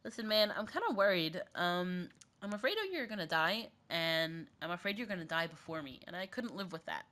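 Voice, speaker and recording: A woman's voice: lowish voice, lively intonation, moderate pace, bright, forceful tone. A woman voicing a scheming young wife who pleads with her husband in a falsely anxious way. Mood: pleading.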